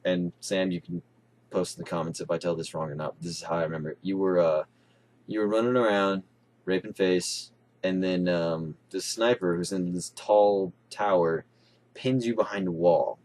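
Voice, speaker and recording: A young man co-hosting, telling a funny story in a casual, excitable way, swearing often. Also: low voice, normal speed. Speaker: co-host.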